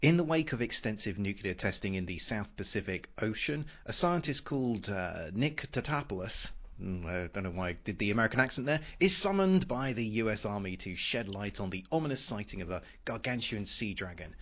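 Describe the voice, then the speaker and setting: A man hosting a film podcast, moving between casual chat and a read synopsis, with a halting delivery. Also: lowish voice, animated, a bit bright. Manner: halting, with many pauses while reading. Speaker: podcast host.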